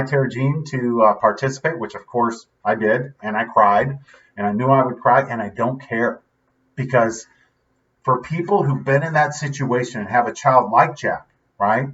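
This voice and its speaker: A man talks to camera in a casual, heartfelt way, wandering between thoughts and checking in with "right?". His voice sits at a middle pitch and is picked up from a distance. The audio sounds dull and muffled. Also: fairly bright tone. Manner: earnest, rambling, frequent "right?" asides. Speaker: vlog host. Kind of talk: casual motivational talk.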